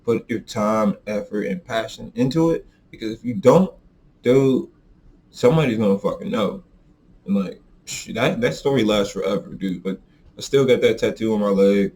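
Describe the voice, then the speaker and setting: A man hosting a podcast, telling a story in a casual, profane, animated rant. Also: normal speed. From American South. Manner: animated, profane, swings into high exaggerated quoted voices. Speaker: podcast host.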